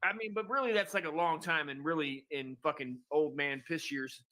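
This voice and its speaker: A man's voice: on the high side, moderate pace, sharp tone, slight background noise. Joking, profane man in his forties. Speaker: podcast co-host. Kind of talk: casual comedy podcast chat.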